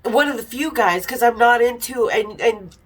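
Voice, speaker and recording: A woman's voice: on the high side, moderate pace, low-quality recording. A middle-aged woman telling frank, irreverent stories in a casual chat, now and then laughing. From Utah. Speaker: podcast host telling stories. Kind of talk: casual storytelling.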